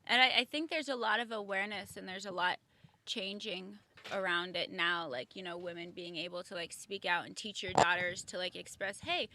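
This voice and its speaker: A woman's voice: lowish voice, moderate pace, bright, forceful tone, slight background noise. A woman talking casually on a podcast, chatty, full of fillers. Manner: chatty, many fillers, acts out quoted voices. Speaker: guest.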